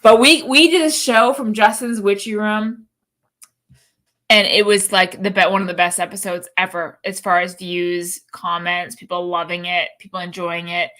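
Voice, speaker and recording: Woman co-host, casual live-show chat, animated and profane, mid pitch. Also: moderate pace. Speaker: podcast co-host.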